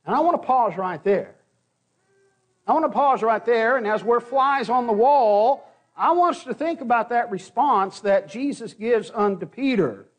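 High-voiced man preaching a sermon. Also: lively intonation. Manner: earnest preaching with repeated restarts and emphatic pauses. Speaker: pastor.

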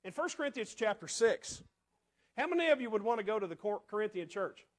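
A man preaching a sermon in a conversational way, asking the congregation rhetorical questions and often dropping to quiet asides. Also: high-pitched, big pitch swings, a little fast.

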